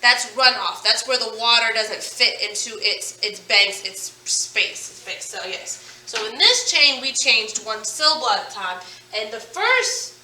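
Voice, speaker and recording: A woman teacher leading a phonics lesson, stretching out words slowly and praising her students as she goes. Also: a little high, lively intonation, pushed and bright, reverberant, far from the mic, rough recording. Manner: slow, drawn-out word modelling with praise.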